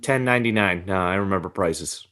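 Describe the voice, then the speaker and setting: A man's voice: low voice, brisk, fairly bright tone. A young man co-hosting a podcast in casual chat, ranting animatedly and swearing often, with frequent laughter. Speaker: podcast co-host.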